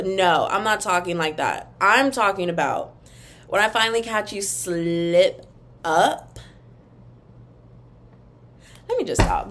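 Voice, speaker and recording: A woman's voice: mid-range voice, normal speed. A young woman hosting a podcast, ranting casually and animatedly to her listeners. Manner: animated and expressive, sings snippets, talks to listeners as "girl" and "y'all". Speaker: podcast host.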